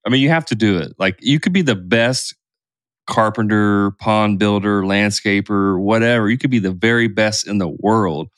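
Deep-voiced man in casual chat. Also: moderate pace, dry recording, studio quality. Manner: conversational, many fillers like "you know" and "like".

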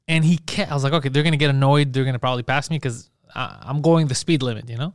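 Guy cohosting a comedy podcast, talks real fast and swears a lot, clean dry close mic sound. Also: mid-range voice, dry recording. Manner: fast, profane storytelling with laughs. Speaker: podcast co-host. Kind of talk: casual comedic podcast chat.

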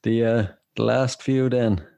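A man's voice: medium pitch, fairly even intonation, unhurried, vocal fry, dark tone. A man hosting a casual interview chat, asking questions and laughing often at his guest's stories. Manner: laughs often, short reactions. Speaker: podcast host.

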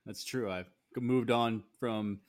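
Laid-back joking co-host. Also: male voice, on the low side, fairly even intonation, slow pace. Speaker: podcast co-host. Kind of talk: casual chat.

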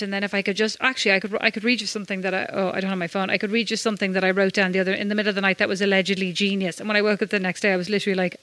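Chatty irish-born woman cohosting, bright voice, dry close sound, pokes fun at herself. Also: mid-range voice, fairly even intonation, racing, few pauses, no echo. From Ireland. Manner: chatty, self-mocking storyteller. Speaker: podcast co-host. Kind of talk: casual chat.

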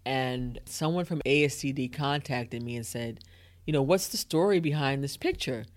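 Animated woman telling a story. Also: extremely low pitch, moderate pace. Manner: lively, acts out inner thoughts and quotes. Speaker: interview guest, educator.

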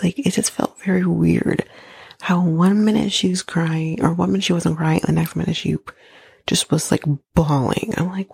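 A woman hosting a podcast, recapping a reality show in a blunt, sarcastic, swearing way, often slipping into a breathy near-whisper. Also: fairly low pitch, a little mellow, no echo. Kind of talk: casual recap monologue.

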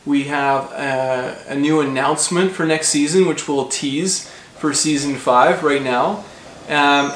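A man hosting a podcast, talking earnestly with many fillers. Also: mid-range voice. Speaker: podcast host. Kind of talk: casual podcast talk. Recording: echoey room with faint noise.

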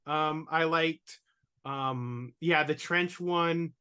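A man with a bright, slightly higher voice chats loosely on a podcast. He hedges and circles with lots of ums, swearing offhandedly as he goes. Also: drawn-out words, clear, resonant tone. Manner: rambling, many fillers, swears casually. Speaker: podcast host. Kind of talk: casual chat.

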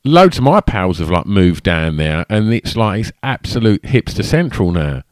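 A man with an Essex accent hosts a casual podcast chat. His voice sits very low and sounds dry and close to the mic. He talks loosely, looping through fillers and restarts. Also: very animated, normal speed, no room sound. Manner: chatty, rambling, lots of fillers and restarts. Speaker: podcast host.

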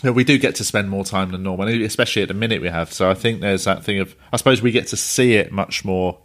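A man's voice: lowish voice, fast talker, fairly bright tone. A man hosting a podcast, talking in a thoughtful, agreeable way. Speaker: podcast host. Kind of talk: podcast conversation.

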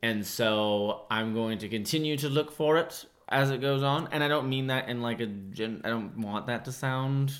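A man's voice: mid-range voice, moderate pace, hardly any pauses, fairly bright tone. Man laying out a theory in casual chat. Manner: thoughtful, lays out a theory, dry quips. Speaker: podcast co-host. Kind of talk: casual chat, TV episode discussion.

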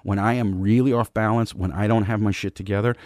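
Guest spot: low-pitched man, dry close mic, rambling self-mocking storyteller. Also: fairly even intonation, fast, a little mellow, no echo. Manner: rambling, candid storyteller who laughs at himself. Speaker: comedian guest. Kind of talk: casual interview conversation. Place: host's garage studio.

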